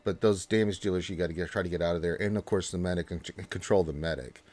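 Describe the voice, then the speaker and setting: A man hosting a casual gaming live stream, reading viewer chat in a loose, chatty way with restarts and sudden lifts in pitch. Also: fast, a little mellow.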